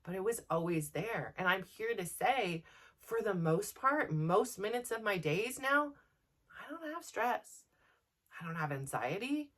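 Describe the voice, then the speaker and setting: A woman's voice: mid-range voice, measured pace. Candid, chatty woman podcast host. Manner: candid and animated, with many fillers and self-quotes. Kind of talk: personal reflective talk.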